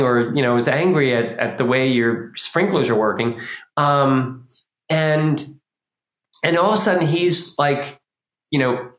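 A man giving an informal spiritual talk, animated and acting out small quoted scenes as he explains. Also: medium pitch. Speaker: spiritual teacher. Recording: roomy echo.

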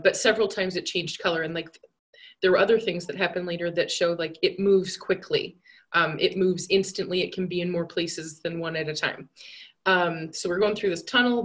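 A woman recounting a vision journey in a rambling, hesitant and earnest way, with many fillers and restarts. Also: on the low side. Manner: earnest and reflective.

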